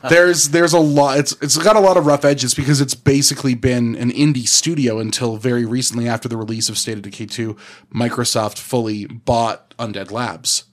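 A man's voice: medium pitch, steady tone, moderate pace. Male podcast guest, casual and wordy, restarts often. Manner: rambling, with restarts and fancy words. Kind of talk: casual gaming podcast chat.

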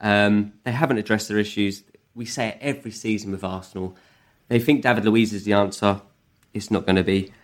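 A man's voice: fairly low pitch, fairly even intonation, fairly quick. A man co-hosting a casual football podcast, easygoing and rambling, with a lot of ums and the odd swear. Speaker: podcast co-host.

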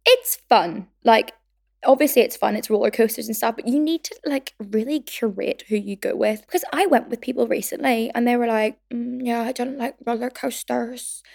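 Woman, Belfast accent, twenties, podcast host, casual chatter, gravelly fry, fond of "like". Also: fairly high pitch, fairly quick, darkish tone. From Northern Ireland. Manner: chatty, fills talk with "like", acts out quotes. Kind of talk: casual chat.

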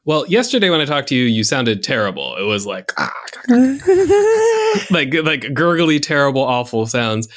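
A man co-hosting a casual podcast about love and relationships, talking in an animated, rambling way and repeating words. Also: on the high side, a little slow. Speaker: podcast co-host. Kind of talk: casual chat.

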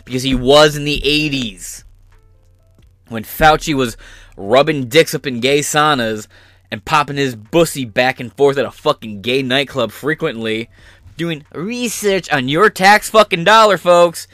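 A man's voice: mid-range voice, expressive, a little slow, fairly bright tone, no echo, clean studio sound. A man hosting a political commentary podcast, ranting in a profane, sarcastic, rambling way. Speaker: podcast host.

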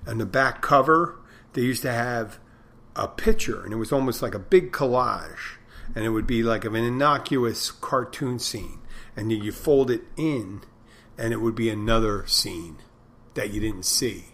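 A man's voice: medium pitch, normal speed, a bit bright. A middle-aged man hosting a podcast, rambling through stories and crude jokes in a casual monologue. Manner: meandering storyteller, tells crude jokes. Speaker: podcast host.

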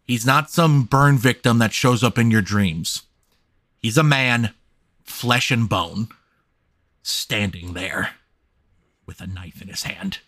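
Emphatic, swearing podcast host. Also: male voice, on the low side, slow pace, long pauses, a bit bright, no room sound. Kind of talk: casual film discussion.

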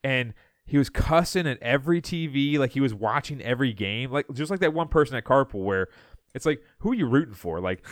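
A man co-hosting a podcast, telling a story in casual chat and acting out loud quotes, with many fillers. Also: medium pitch, fairly quick, no room sound, clean studio sound. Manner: animated storyteller, acts out shouted quotes. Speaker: podcast co-host.

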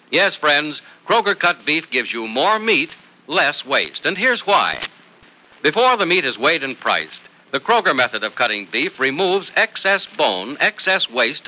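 Male radio announcer, vintage ad read, very bright, lively pitch, salesman pitch. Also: rough recording. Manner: upbeat, salesman-like.

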